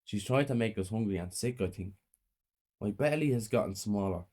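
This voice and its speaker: A man with a lowish voice reads a first-person horror story aloud. His narration is plain and quiet. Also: normal speed.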